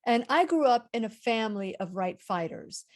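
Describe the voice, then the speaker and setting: A woman hosts a radio interview, chiming in with short prompts before sharing her own thoughts. Her voice sits a little on the high side. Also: lively intonation, normal speed. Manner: brief agreeing interjections, then personal remarks. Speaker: radio show host.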